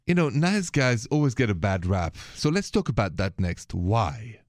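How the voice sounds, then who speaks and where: A man's voice: lowish voice, very animated, moderate pace, no room sound, studio quality. A middle-aged man with a French accent hosting a late-night call-in radio show, emphatic and fond of French greetings. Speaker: radio talk show host.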